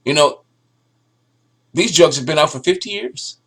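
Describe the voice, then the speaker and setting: A man with a slightly high, somewhat rough voice delivers opinionated solo news commentary a little slowly. He's sarcastic and ranting, animated, and frequently stammers and restarts his sentences.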